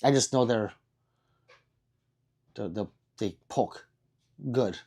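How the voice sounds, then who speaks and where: A man's voice: lowish voice, takes it slowly, dark tone. A man hosting a casual livestream, reading viewer comments in a rambling, self-deprecating way with frequent restarts. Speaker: livestream host.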